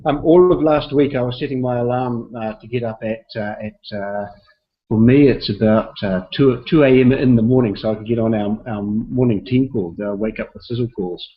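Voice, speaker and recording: Chatty upbeat guy hosting a video call, mid-pitched, muffled lo-fi sound. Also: moderate pace. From South Pacific, not Australia. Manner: chatty, upbeat, rambling with fillers. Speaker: team call host. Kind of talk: casual welcome on a group video call. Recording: dull lo-fi call audio.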